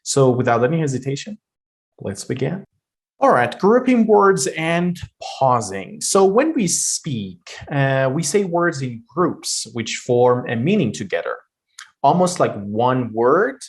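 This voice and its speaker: A man's voice: mid-range voice, slow pace. Man teaching an English pronunciation lesson. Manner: explanatory, demonstrates flat robotic reading. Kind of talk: online lesson.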